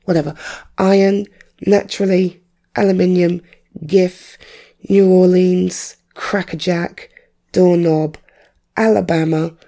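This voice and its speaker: A woman from North London with an English accent that has drifted from how she grew up, chatting in a rambling, self-deprecating way on a home recording setup; her voice sounds rough today. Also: on the low side, steady tone, slow, long pauses, dark tone. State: rough, off-colour voice. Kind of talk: casual chatty monologue.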